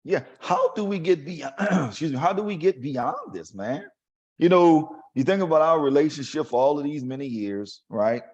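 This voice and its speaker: A man hosting a talk show, asking thoughtful, measured questions in a conversational way. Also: on the high side, big pitch swings, a little mellow, breathy edge, lo-fi sound. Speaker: host.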